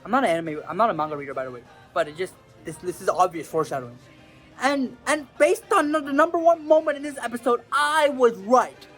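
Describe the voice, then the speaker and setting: High-voiced, slangy woman vlogger. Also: brisk, faint music behind. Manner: slangy, excitable, swears, acts out quotes. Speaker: anime video creator. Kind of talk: casual commentary vlog.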